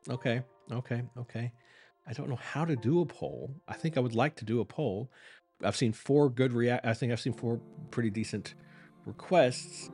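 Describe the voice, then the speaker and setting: A man's voice: mid-range voice, moderate pace, darkish tone, faint music behind. A man hosting a live reaction stream, chatting casually with viewers in a rambling, apologetic and self-mocking way.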